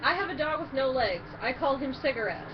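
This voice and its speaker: A woman in casual banter, delivering pun punchlines deadpan. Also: sits high, a little fast. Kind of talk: casual banter, telling puns. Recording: distant lo-fi mic with background noise.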